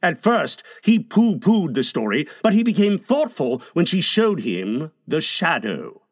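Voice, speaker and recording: A man narrating a classic novel as an audiobook, telling the story expressively with lively emphasis. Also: fairly high pitch, measured pace, no echo, studio quality.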